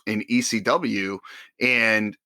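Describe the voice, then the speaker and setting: A man co-hosting a podcast, telling stories with enthusiasm in quick bursts. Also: lowish voice, steady tone, bright, forceful tone, no echo. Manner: enthusiastic, rapid bursts of storytelling. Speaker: podcast co-host. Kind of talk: casual chat.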